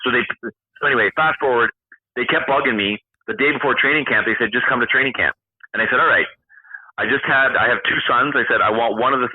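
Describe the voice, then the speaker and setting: Man, low voice, animated storyteller, acts out dialogue, tinny phone line, dry sound. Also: dry recording. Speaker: podcast guest, retired hockey player. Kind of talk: casual storytelling interview.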